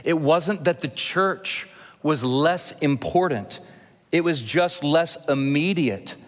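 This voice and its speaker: A man preaching a sermon as a church pastor, earnest and gently humorous, with emphatic pauses. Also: fairly high pitch. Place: church sanctuary. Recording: long reverb of a church hall.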